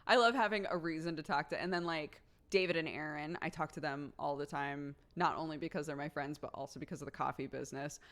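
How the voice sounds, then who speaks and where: A chatty American woman streaming and talking casually with her viewers. Her voice sits low for a woman, and she laughs often and fills her talk with "like.". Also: fast, few pauses, fairly bright tone. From United States.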